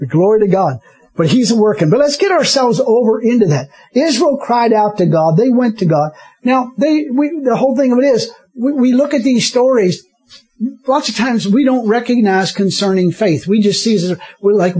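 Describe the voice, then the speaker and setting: A man's voice: extremely high pitch, expressive, moderate pace, darkish tone, breathy edge. A man preaching a sermon, often chuckling and breaking in with hallelujahs. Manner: chuckling often, interjecting hallelujahs, repeating himself.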